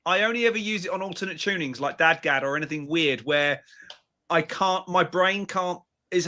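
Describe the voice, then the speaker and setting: A man's voice: fairly high pitch, sharp tone. A man co-hosting a live podcast, joking and laughing often as he talks. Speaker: co-host. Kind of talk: casual live podcast chat.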